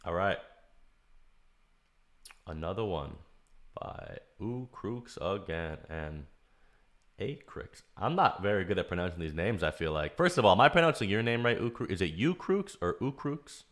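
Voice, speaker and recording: A man's voice: low voice, expressive, moderate pace, long pauses, a bit bright. A man hosting a livestream, chatting casually while giving feedback on music demos. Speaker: streamer giving demo feedback.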